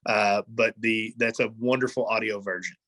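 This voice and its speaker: A man's voice: lowish voice, steady tone, moderate pace, fairly bright tone, low-quality recording. Guy on a podcast as the guest, humble, self-deprecating, short answers. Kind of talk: casual interview chat.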